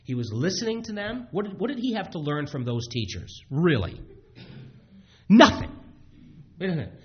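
A man preaching a sermon in a halting way, with frequent restarts and fillers, on a dull lo-fi recording. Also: a little high, very animated, slightly rough. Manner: halting, many restarts, acts out quotes.

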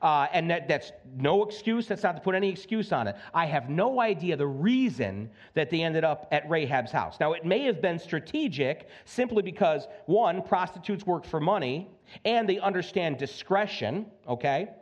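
A man preaching a sermon to his congregation in a lively, conversational way, often checking in with "okay?" and acting out voices. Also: fairly high pitch, moderate pace. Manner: animated, conversational, acts out voices, keeps asking "okay?". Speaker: pastor. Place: church sanctuary.

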